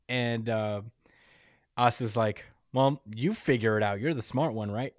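A man in casual chat, recapping a story and acting out the characters' lines in quick voices, laughing often. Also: medium pitch, fairly even intonation, no room sound, clean studio sound. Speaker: podcast co-host recapping a manga chapter.

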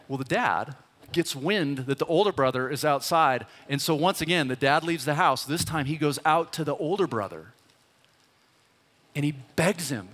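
An animated male pastor tells a story to his congregation with casual asides. His mid-pitched voice carries through the long reverb of a large church hall. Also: a little slow. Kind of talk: sermon.

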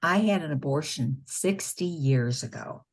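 Woman, middle-aged, low voice, husky, earnest interview storytelling. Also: unhurried. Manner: earnest, animated retelling of patient stories with quoted dialogue. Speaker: nurse and pro-life spokeswoman.

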